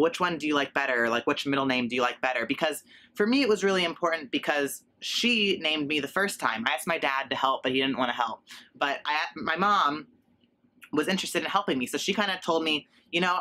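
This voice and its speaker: A man's voice: mid-range voice, bright, forceful tone. A young man giving casual advice on a vlog, chatty and sprinkled with filler words. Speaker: vlogger.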